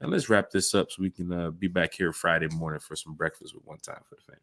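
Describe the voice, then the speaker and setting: A low, gravelly man hosts a casual sports podcast and talks up the fans with animated energy. His voice is close and dry, with no room around it. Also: fast talker, dry recording. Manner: animated, jumps between hype and asides. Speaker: podcast host.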